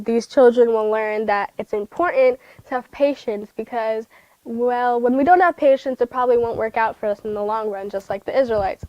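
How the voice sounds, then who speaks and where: A woman's voice: on the high side, no echo, highs cut off. A woman giving a casual livestreamed Bible lesson to children, chatty and rambling, with lots of fillers and self-corrections.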